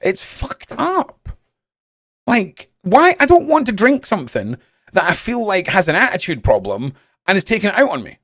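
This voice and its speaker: A Scottish man hosting a live stream, chatting casually with his viewers in a blunt, animated way and swearing constantly. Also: sits high, fast talker, no echo, clean studio sound. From Scotland. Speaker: live-stream host reading chat. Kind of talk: casual rambling chat.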